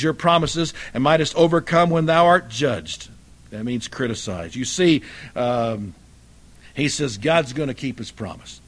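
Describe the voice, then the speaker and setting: Fiery high-voiced preacher. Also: male voice. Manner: impassioned, swings between loud emphasis and low asides. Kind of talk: fiery sermon.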